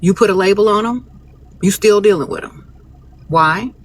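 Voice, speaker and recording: A woman's voice: mid-range voice, moderate pace. Woman, livestream host, blunt, sassy, lecturing, faint background noise. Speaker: livestream host giving relationship advice. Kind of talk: casual livestream monologue.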